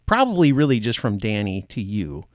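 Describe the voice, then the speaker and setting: A man's voice: fairly low pitch, sing-song, normal speed, dry recording, clean studio sound. A man from the United States hosting a podcast, chatting in a playful, rambling way. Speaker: podcast host. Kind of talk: casual chat.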